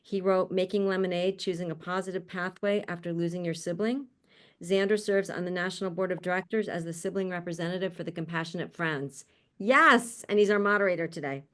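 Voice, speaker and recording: A woman's voice: on the low side, fairly quick, fairly bright tone. Chatty woman hosting on a video call. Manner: chatty, laughs often, friendly asides. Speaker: panel host. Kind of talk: warm panel introductions.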